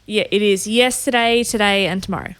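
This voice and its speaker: A woman co-hosting a podcast, chatting casually with quick, teasing reactions. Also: mid-range voice, steady tone, fairly bright tone, clear, resonant tone, dry recording. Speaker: podcast co-host. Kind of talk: casual chat.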